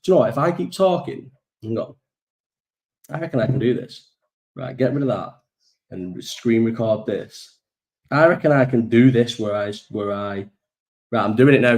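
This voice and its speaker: A young man hosting a casual live-stream chat, rambling through stories with lots of swearing and frequent laughter. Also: mid-range voice.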